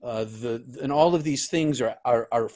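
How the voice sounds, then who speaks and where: Male guest, mid-pitch, earnest and halting, restarts often mid-sentence. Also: darkish tone. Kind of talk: personal storytelling in an interview.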